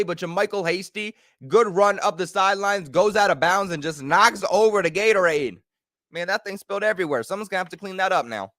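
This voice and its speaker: A young man hosting a fan watch party, giving live play-by-play and reactions, calm in his breakdowns and yelling at big plays. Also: high-pitched, a little fast, no room sound, clean studio sound. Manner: excitable, swings from calm analysis to yelling.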